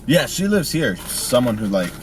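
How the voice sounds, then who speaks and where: A man's voice: mid-range voice, sing-song, normal speed, a little hiss or hum. Laid-back rambling man telling a tale. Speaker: co-star in a comedy sketch. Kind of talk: casual storytelling.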